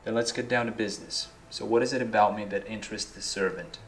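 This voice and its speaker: A man's voice: on the low side, steady tone, fast talker, a little hiss or hum, close to an everyday voice. An actor playing a puzzled young man who keeps asking questions, uncertain, in film dialogue. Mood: questioning.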